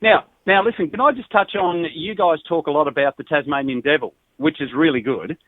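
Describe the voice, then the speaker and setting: A man's voice: on the high side, fairly quick, dry recording. An Australian man, a local radio presenter, chatting and laughing easily on a phone call into a live stream. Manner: chatty, laughs often, easygoing. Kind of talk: casual chat on a phone call. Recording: tinny phone line, dry.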